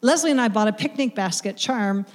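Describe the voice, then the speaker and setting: A woman's voice: medium pitch, fairly quick, big-room sound. A woman preaching a sermon to a live audience, speaking emphatically and often repeating words as she builds her point.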